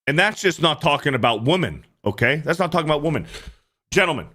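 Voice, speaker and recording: A man's voice: a little high, expressive, fast talker, sharp tone. A man hosting a reaction commentary show, ranting in a profane, fired-up way.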